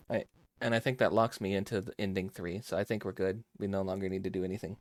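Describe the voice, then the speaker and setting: A man's voice: sits low, steady tone, fast talker. Joking man commenting on a game. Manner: joking, talks to viewers. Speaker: streamer. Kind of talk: casual gameplay commentary. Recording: game music behind voice.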